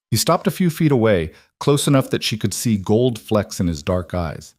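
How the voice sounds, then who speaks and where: Low-voiced male story narrator. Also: expressive, moderate pace, few pauses, darkish tone, no echo, studio quality. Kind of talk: scripted romance story narration.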